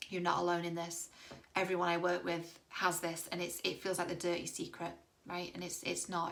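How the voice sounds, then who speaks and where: A woman's voice: lowish voice, completely flat delivery, moderate pace, creaky, a bit bright. A woman dating coach giving direct-to-camera relationship advice, candid and reassuring, with the odd casual swear.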